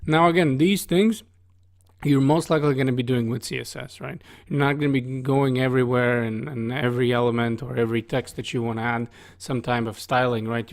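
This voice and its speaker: A man's voice: mid-range voice, creaky. A man teaching coding over a screen recording, talking casually and asking "right?" after nearly every phrase. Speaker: coding instructor. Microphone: studio desk microphone.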